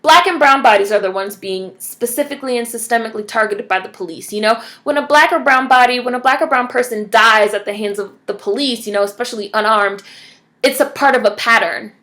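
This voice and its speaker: A woman's voice: fairly high pitch, fairly quick, fairly bright tone. A woman vlogger speaking directly to her viewers, impassioned and emphatic, with frequent asides to the audience. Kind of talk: direct-to-camera commentary.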